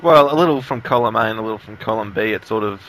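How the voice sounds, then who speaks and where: Australian man, podcast co-host, laid-back and mild, bright crisp tone. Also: on the low side, quick pace, slight background noise, rough recording. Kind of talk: casual podcast chat.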